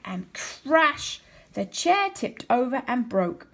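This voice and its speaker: A woman teacher reading a children's storybook aloud, expressive and slowing down for emphasis. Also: fairly high pitch, slightly rough.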